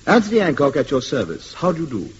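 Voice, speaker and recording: A pompous, bumbling crook who swoops all over his range and trips over his words. His voice sits high for a man. The old radio recording sounds dull under a loud hiss. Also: huge pitch swings, fast talker. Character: pompous bumbling male crook, comically nervous. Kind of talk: vintage radio comedy acting.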